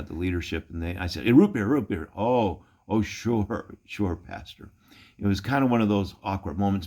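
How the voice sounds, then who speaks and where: A middle-aged pastor sits low and relaxes into a storytelling sermon, sharing folksy anecdotes and chuckling every so often.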